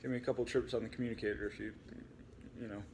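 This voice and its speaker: A man's voice: mid-range voice, little pitch movement, racing, a little mellow, slight background noise, lightly acted. A man voicing an anxious, eager young man who stumbles over his words. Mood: hesitant.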